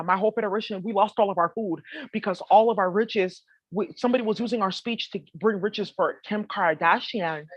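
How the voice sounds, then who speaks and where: A spiritual vlogger talks straight to her viewers in a loose, rambling monologue packed with swearing and slang. Her voice is middling in pitch, recorded close and dry with no room echo.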